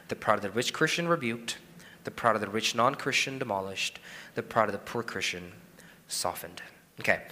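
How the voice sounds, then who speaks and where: A man's voice: medium pitch, sharp tone. A man in his thirties preaching a sermon, earnest, asking rhetorical questions and repeating his key phrases. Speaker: pastor. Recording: preached in a hall with long reverb.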